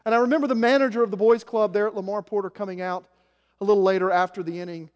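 A man in his forties from Arkansas, preaching a sermon with self-mocking stories, shifting from quiet asides to loud emphasis. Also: sits high, fairly even intonation, racing, clean tone. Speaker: pastor. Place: church sanctuary. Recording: echoey hall.

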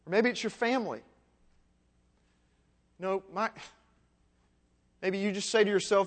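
A man's voice: high-pitched, a little slow, long pauses, big-room sound. A man pastor preaching a sermon in a conversational way, asking his listeners rhetorical questions.

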